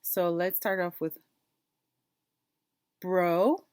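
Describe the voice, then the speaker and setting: A woman teacher leading a phonics lesson for young children, modeling words slowly and clearly and asking them to repeat. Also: medium pitch, no room sound, clean studio sound. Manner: slow, clear, drawn-out word modeling with repeat prompts.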